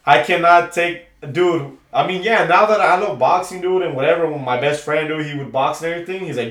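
A man's voice: on the high side, fairly quick, few pauses, a bit bright. A man co-hosting a podcast in casual chat, laid-back and swearing a lot, saying dude often. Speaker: podcast co-host. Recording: echoey room.

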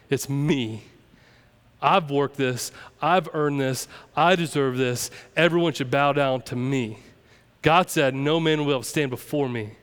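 A man's voice: mid-range voice, moderate pace, clear, resonant tone. A young adult man, preaching a sermon emphatically as pastor. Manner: emphatic, preaching with rising intensity.

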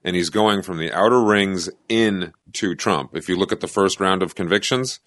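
A man's voice: sits low, normal speed, fairly bright tone, no room sound, clean studio sound. A man co-hosting a podcast, chatting loosely about political news and joking and laughing along. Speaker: podcast co-host. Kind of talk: casual political chat.

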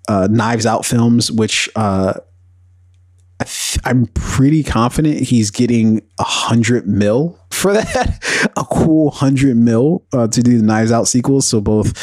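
A man's voice: medium pitch, a little mellow, no echo. A man hosting a podcast in casual solo commentary, rambling and profane, with many fillers and bursts of animation. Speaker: podcast host.

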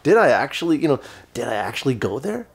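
A man telling a story on a podcast with animated excitement, stumbling over his words with many restarts, emotional to the point of tears. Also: mid-range voice, fast talker, creaky, slightly rough. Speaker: guest musician.

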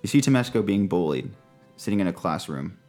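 A man narrating a tabletop role-playing game as game master, slowing down to describe scenes, laughing and swearing casually. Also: low voice, very animated, darkish tone, faint music behind.

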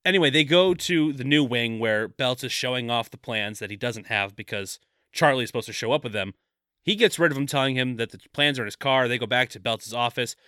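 A man co-hosting a podcast, recapping a movie plot briskly with jokey asides. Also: mid-range voice, pushed and bright, dry recording, clean studio sound. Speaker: podcast co-host. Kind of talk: casual movie recap chat.

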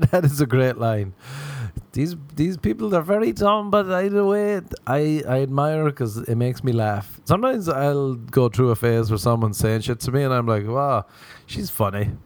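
A man's voice: medium pitch, lively intonation, moderate pace, darkish tone, no room sound. A young man hosting a solo podcast, riffing sardonically with frequent swearing and self-mockery. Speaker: podcast host. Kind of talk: solo comedic podcast rant. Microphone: podcast microphone.

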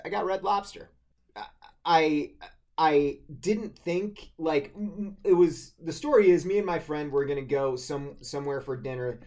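A young man co-hosting a podcast in casual chat, animated and laughing easily, with stammering restarts. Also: a little high. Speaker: podcast co-host.

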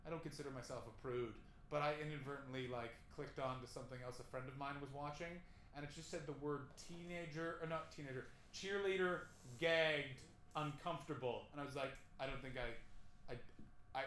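A man's voice: on the high side, a little fast, fairly bright tone, echoey room, a little hiss or hum, rough recording. A man in his thirties doing a stand-up set on a club stage, telling rambling, self-deprecating stories with crude asides. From Canada. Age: 30s. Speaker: stand-up comedian.

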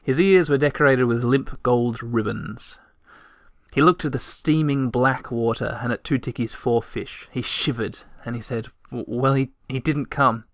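Man narrating a storybook, gentle and measured, dry close sound. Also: medium pitch, no room sound. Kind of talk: storybook reading.

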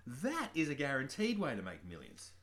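A man's voice: medium pitch, wildly swooping pitch, moderate pace, a bit bright. A man co-hosting a comedy podcast, chiming in with dry jokes and riffs. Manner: dry jokey interjections. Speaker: podcast co-host. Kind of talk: casual comedic chat.

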